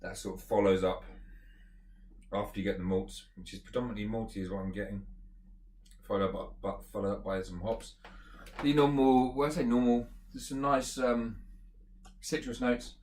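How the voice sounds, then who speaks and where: Laid-back male beer reviewer, lowish voice, rambling and unscripted, faint background hiss. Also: moderate pace. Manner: relaxed, rambling, thinks aloud with fillers. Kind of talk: casual beer tasting chat.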